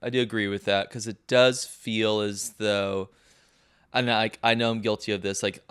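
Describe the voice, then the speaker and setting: Young male co-host, slightly low voice, loose rambling banter. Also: level tone, normal speed, fairly bright tone, smooth. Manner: rambling, self-deprecating, frequent restarts and laughs. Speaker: podcast co-host. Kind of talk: casual chat.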